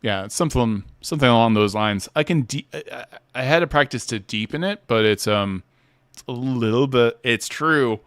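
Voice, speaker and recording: A man's voice: medium pitch, normal speed, fairly bright tone, smooth, no echo, studio quality. A man hosting a casual livestream chat who talks playfully and laughs often. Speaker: host.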